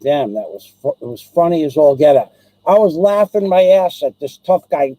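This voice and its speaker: A man's voice: a little high, moderate pace, dark tone, no room sound, rough recording. A man hosting his own live stream, ranting and rambling, swearing constantly and repeating himself.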